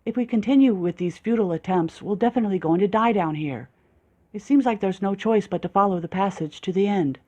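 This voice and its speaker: An audiobook reader voicing an excitable, morbidly romantic young woman who gushes with breathless enthusiasm. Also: mid-range voice, brisk, close to an everyday voice. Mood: matter-of-fact. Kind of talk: audiobook character voice.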